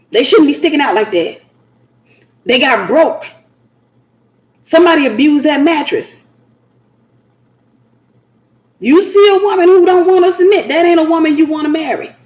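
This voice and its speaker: A woman speaks in an animated preaching style, repeating phrases and breaking into laughing asides. Her voice sits high, and the room around her rings with echo. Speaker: host. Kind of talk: preaching livestream talk.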